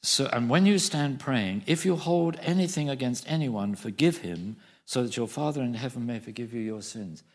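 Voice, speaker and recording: Gravelly emphatic male preacher. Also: mid-range voice, normal speed, hardly any pauses. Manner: emphatic, repeats phrases for stress. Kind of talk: sermon.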